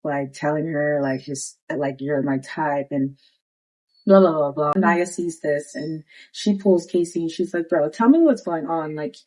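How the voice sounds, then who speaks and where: A woman's voice: low-pitched, a little slow, low-quality recording. A young woman giving a sassy, slangy recap of a reality dating show, acting out the cast's lines as she retells them. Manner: sassy, animated, slangy retelling with quoted voices. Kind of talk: casual recap commentary.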